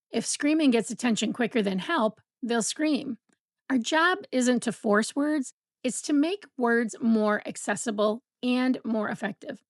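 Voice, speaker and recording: A woman giving a calm, measured educational talk to parents as a parenting educator. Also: fairly high pitch, no room sound, clean studio sound. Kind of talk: scripted educational talk to camera.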